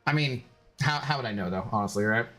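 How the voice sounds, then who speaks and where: A man's voice: fast, pushed and bright, soft background music. A man live-streaming a game, chatting loosely with viewers and reading their comments aloud. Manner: rambling, chatty, reads chat aloud; high, scolding baby talk to his dog. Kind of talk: casual live-stream chat.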